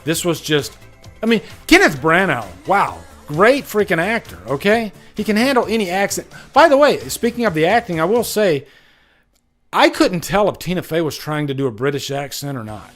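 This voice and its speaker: A man's voice: sits high, sing-song, normal speed, a bit bright, soft background music. A man hosting a casual live stream, chatting animatedly about movies he saw and answering viewers.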